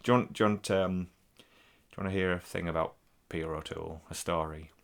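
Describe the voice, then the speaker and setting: A man's voice: low-pitched, steady tone, quick pace, gravelly. A man, co-hosting a podcast in casual, rambling chat full of swearing. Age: 40s. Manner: sweary, rambling, laughs a lot. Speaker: podcast co-host.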